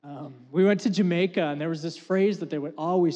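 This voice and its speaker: A pastor in his thirties preaching a sermon with emphatic swings from loud to quiet. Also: a little high, fairly quick, hardly any pauses, muffled recording. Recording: long hall reverb.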